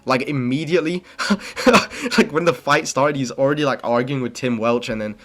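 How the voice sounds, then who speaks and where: A man's voice: medium pitch, steady tone, quick pace, a bit bright. A young man casually recapping fights, rambling and blunt, peppering his talk with slang and filler words. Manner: rambling, slangy, says "bro" and "okay" constantly; blunt and opinionated. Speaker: MMA commentary channel host.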